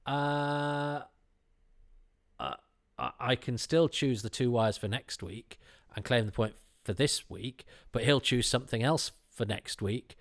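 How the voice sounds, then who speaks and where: A man's voice: mid-range voice, slow. A man hosting a podcast, talking in a rambling, self-deprecating way with many restarts. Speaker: podcast host. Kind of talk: casual chat.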